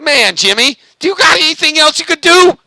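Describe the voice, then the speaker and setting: Man, high, gravelly, hyped CB banter. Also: animated, fairly quick, sharp tone, no echo, low-quality recording. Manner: hyped, repetitive, cheerleading chants. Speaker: CB radio vlogger. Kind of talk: excited CB radio banter.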